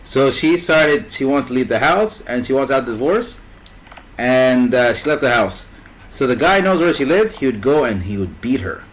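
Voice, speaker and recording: A man spins a long, winding story in casual chat. He often pauses to hunt for a word and slips into the voices of the people he describes. His voice sits at an ordinary mid pitch. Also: animated, rough recording. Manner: rambling, fills gaps with "what's it called".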